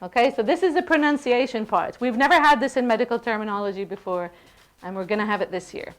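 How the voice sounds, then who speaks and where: Woman lecturer, slightly high voice, lively and playful with her class. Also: fast talker. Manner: lively, playful, checks in with "okay?" often. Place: university classroom.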